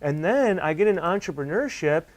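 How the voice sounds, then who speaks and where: A man's voice: fairly high pitch, a little fast. Emphatic young man, casual podcast talk. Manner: animated, emphatic, says "like" and "dude" a lot. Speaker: podcast co-host.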